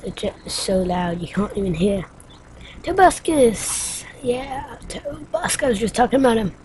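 A woman's voice: mid-range voice, quick pace, a little mellow, slight background noise, low-quality recording. A woman giving let's play commentary, rambling and mocking herself, with sudden yelps and screams. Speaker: game player.

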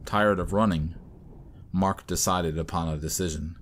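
Deep-voiced man narrating a horror story. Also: steady tone, normal speed.

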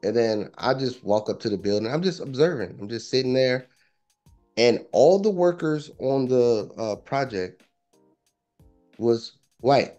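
A man, a property investor, telling a story in a relaxed, informal way and often repeating phrases. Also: medium pitch, unhurried, lo-fi sound, soft background music. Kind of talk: casual storytelling interview.

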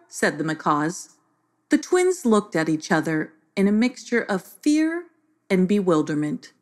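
A woman reading a children's story aloud as the narrator, in a gentle scripted telling. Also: lowish voice, big pitch swings, unhurried.

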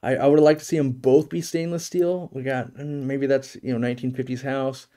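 Guy on a live stream riffing on a house tour, mellow low-key voice, lots of restarts and jokes. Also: level tone, fairly quick. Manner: rambling, joking, thinking aloud with many restarts. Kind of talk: casual commentary on a virtual home tour.

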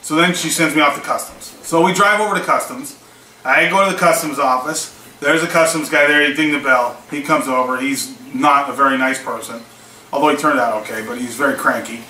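Bright-voiced man telling a story. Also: mid-range voice, brisk. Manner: recounts events, acting out both sides of conversations. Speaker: small online seller vlogger. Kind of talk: casual storytelling. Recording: echoey room, mic at a distance, faint hiss.

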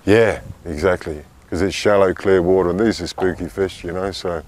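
A man's voice: deep voice, fairly even intonation, normal speed, a little mellow. A man with an English accent, a fishing guide from near London, chatting in a laid-back way on a boat. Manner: laid-back, says "mate" a lot. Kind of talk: casual chat. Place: outdoors on a small boat on a lake. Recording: outdoor ambient noise.

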